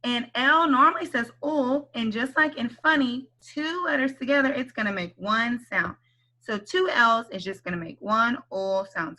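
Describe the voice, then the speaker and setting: A woman teaching a kindergarten phonics lesson, speaking slowly and clearly, encouraging the children and stretching out letter sounds. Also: fairly high pitch, pushed and bright.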